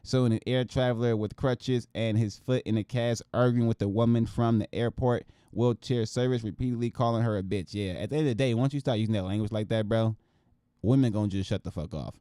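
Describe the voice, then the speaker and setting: A man's voice: fairly low pitch, brisk, clean tone, no room sound, clean studio sound. Profane joking male news-reaction host. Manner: profane, joking, animated rants. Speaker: show host. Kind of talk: casual commentary reacting to news clips.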